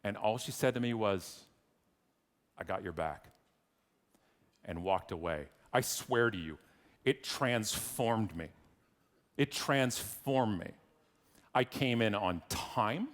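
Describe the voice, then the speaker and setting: Man, middle-aged, keynote storyteller; lively pitch, plays every character, shouts in bursts. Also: slow, big-room sound. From Canada. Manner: animated, acts out voices, loud bursts of shouting. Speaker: keynote speaker. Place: large conference hall.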